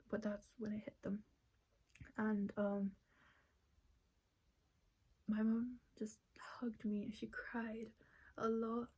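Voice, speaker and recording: A woman's voice: medium pitch, dark tone, slightly rough, low-quality recording. A woman earnestly telling a personal family story, retelling conversations at length.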